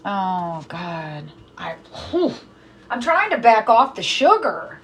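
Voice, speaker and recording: A woman's voice: medium pitch, very animated, slow, background noise. A middle-aged woman chatting casually on a livestream, rambling and exasperated as she talks to viewers. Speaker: livestream host.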